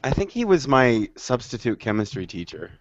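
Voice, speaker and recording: A man's voice: medium pitch, very animated, moderate pace, no room sound, dull audio. A man co-hosting a comedy show, joking crudely. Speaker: co-host. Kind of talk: casual comedic riffing.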